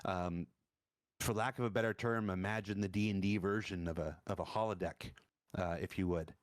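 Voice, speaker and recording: Halting low-voiced man as game master. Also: steady tone, no room sound, studio quality. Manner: halting, searching for words. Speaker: dungeon master. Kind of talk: narrating a tabletop game livestream.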